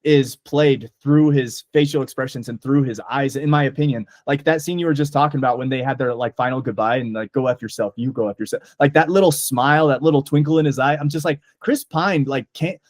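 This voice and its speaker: A man's voice: medium pitch, fairly quick, few pauses, no room sound, clean studio sound. A man co-hosting a casual movie podcast, talking enthusiastically and rambling with lots of fillers. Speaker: podcast co-host. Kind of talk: casual movie review chat.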